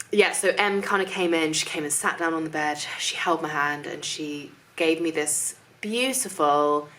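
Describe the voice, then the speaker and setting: Young woman vlogger, low voice, chatty, filler-heavy storytelling, candid and fast. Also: a bit bright. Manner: chatty, quick, full of fillers like "like"; shifts into a high sing-song voice talking to her child. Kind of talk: casual storytelling to camera.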